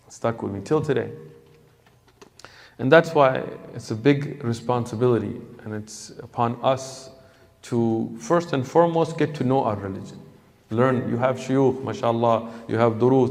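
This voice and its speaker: A man preaches by telling a story, bringing each person in it to life with his own voice. His tone has a gravelly texture. A long reverb trails his words through a big hall. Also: mid-range voice. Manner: animated storyteller who acts out quoted voices. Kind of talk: storytelling sermon.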